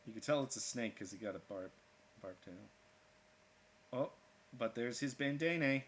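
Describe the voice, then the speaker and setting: A man's voice: mid-range voice, lively intonation, normal speed, a little hiss or hum. A man hosting an art livestream, joking and talking through each step of his drawing. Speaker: art streamer. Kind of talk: casual livestream commentary while drawing.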